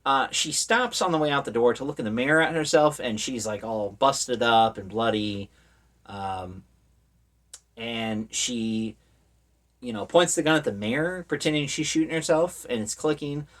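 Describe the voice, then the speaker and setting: A man's voice: mid-range voice, normal speed, a bit bright. Rambling, wry man reviewing a movie. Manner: rambling, filler-heavy, with wry sarcastic asides. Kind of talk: casual spoken movie review.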